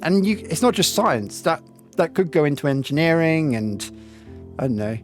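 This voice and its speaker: A man with a highish, sing-song voice plays a game on stream at a moderate pace, casually chatting with live viewers in a reflective, meandering way full of ums. Game music is faintly audible.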